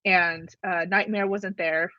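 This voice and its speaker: A woman's voice: lowish voice, steady tone, slow, dry recording. Woman, interview guest, rambling, filler-heavy, dry close sound, slightly dull recording. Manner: rambling, heavy on filler words, laughs often. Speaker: comic artist guest. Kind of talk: casual storytelling interview.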